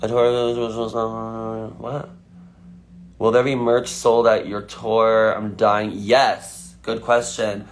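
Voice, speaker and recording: A man's voice: fairly low pitch, completely flat delivery, drawn-out words, a little hiss or hum. A man chatting casually on a phone livestream, answering fan questions with lots of fillers. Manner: chatty, filler-heavy, frequent "like".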